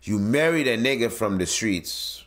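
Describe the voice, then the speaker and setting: A man's voice: lowish voice, animated, unhurried, a bit bright. A man hosting a solo podcast, giving blunt, profane commentary in a casual ranting manner. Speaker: podcast host.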